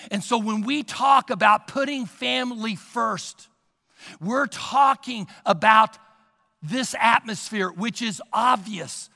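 Pastor, male, high and forceful voice, slow dramatic sermon in a reverberant hall. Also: vocal fry. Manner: preacherly, rhetorical questions to the congregation; dramatic storytelling, swinging between loud and hushed. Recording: long reverb of a large hall.

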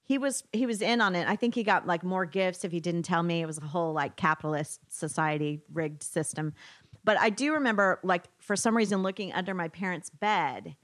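A woman's voice: on the low side, no echo, clean studio sound. A woman appearing as a guest political commentator on a podcast, telling stories and laughing often. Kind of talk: casual storytelling chat.

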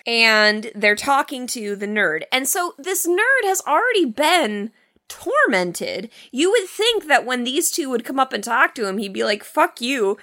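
Woman cohost recapping a slasher flick, bright, kinda high voice, wry and amused. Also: sing-song, measured pace. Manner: wry, recaps the plot with mock disbelief. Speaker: podcast co-host. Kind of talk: casual movie review chat.

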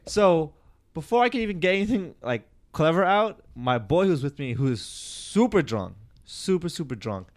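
A man's voice: a little high, big pitch swings, moderate pace. A man co-hosting a podcast, chatting casually and animatedly, acting out voices as he tells a story. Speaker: podcast co-host. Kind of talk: casual chat.

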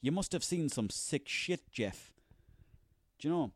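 A man's voice: on the high side, expressive, measured pace, no room sound, studio quality. An Irish man in his thirties delivering a sarcastic, profanity-laden comic rant on his own. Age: 30s. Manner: profane, sarcastic, ranting, rambling.

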